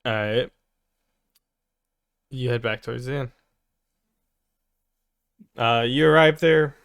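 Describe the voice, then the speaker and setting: A man narrating as game master in a tabletop game, talking in a halting way with frequent restarts. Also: medium pitch, a bit bright, no room sound, studio quality.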